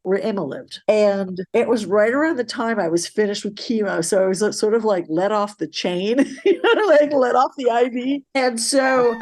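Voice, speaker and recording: A middle-aged woman guest, a musician, telling stories in a relaxed chat, quoting herself and swearing freely. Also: a little high, normal speed, few pauses. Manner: chatty, swears freely, quotes herself in asides. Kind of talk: casual storytelling chat.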